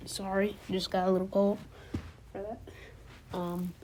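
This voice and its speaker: A woman's voice: medium pitch, little pitch movement, a little slow, mellow, slight background noise. A woman casually retelling a fan-made story, rambling along with lots of fillers and stopping to correct herself. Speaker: channel host.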